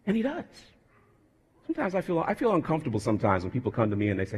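A male pastor preaching a sermon, moving from conversational talk to fervent, loud emphasis. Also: mid-range voice, wildly swooping pitch, rapid-fire, husky. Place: church sanctuary. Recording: church hall reverb.

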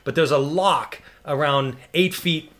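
An American man telling a long story in casual chat, animated and laughing, with some swearing. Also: fairly high pitch, a little slow. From United States.

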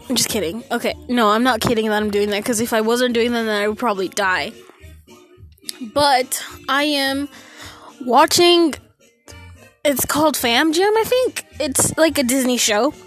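High-voiced teenage girl rambling breathlessly. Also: unhurried, soft background music. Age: teens. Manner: rambling, giggly, loses her train of thought. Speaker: podcast host. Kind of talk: casual solo podcast chat. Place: her bedroom. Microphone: phone.

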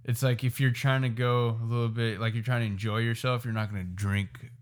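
Man, casual chat, loud, laid-back, easygoing slangy talk. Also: mid-range voice, flat delivery, fairly quick. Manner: loud, laid-back, says "dude" a lot.

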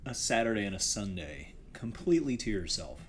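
A man's voice: on the low side, a little fast, breathy edge, soft background music. A man co-hosting a film podcast in playful, joking casual chat. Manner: playful, animated, bursts of laughter-prone joking. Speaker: podcast co-host, film lover.

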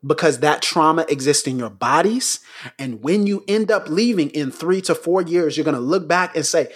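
A man's voice: fairly high pitch, normal speed, husky. A man co-hosting a podcast, speaking with preacher-like intensity and urgent, rising appeals. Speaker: podcast co-host. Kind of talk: impassioned commentary.

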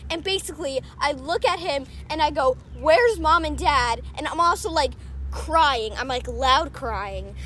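A young woman with a high voice tells a long, rambling story to a friend, giggling often and leaning on "like". There is a faint hiss of noise under her voice. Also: normal speed, a bit bright. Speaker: co-host. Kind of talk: casual chat.

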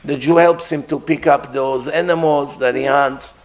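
A man giving a sermon who tells a story, slowly and emphatically, repeating his phrases. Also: medium pitch, fairly even intonation.

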